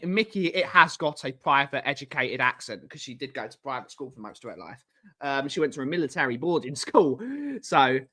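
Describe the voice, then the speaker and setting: A man's voice: a little high, sharp tone. A young man hosting a live stream, rambling casually and answering viewers by name as he reads the chat aloud. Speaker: livestream host reading chat.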